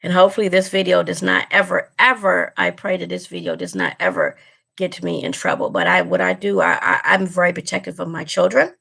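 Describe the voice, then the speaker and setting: A woman's voice: on the low side, lively intonation, brisk, gravelly, a bit bright, slightly rough. A woman vlogger talking straight to her viewers in casual chat, earnest and emotional, repeating herself as she goes. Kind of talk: casual direct-to-camera chat.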